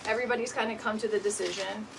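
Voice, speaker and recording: A woman's voice: medium pitch, steady tone, very fast, creaky. A middle-aged woman, chatting casually and laughing often while hosting a live DIY decor video. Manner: chatty, laughs often, says "y'all" and "right?". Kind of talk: casual livestream chat while crafting. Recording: mic at a distance, audible room noise.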